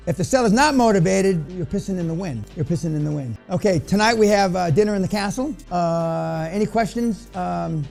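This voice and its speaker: A man's voice: high voice, vocal fry, warm tone. A man lecturing a business seminar room in a blunt, crude, rambling way.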